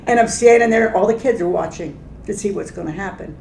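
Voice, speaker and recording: An older woman, a retired employment specialist, telling animated stories with laughter in an oral history interview. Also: medium pitch, fairly quick, vocal fry. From Ohio, United States. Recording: echoey room with faint background noise.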